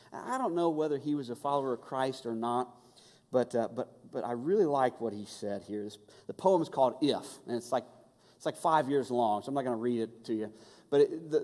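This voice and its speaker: Man preaching a sermon in a reverberant hall. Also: medium pitch. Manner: conversational, animated, acts out quoted voices. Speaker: pastor.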